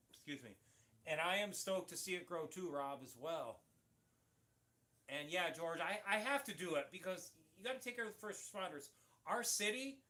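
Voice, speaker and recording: A man's voice: high voice, pushed and bright. A middle-aged man from Syracuse, New York, rambling through a casual livestream chat with many restarts. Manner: rambling, chatty, frequent restarts. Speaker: livestream host.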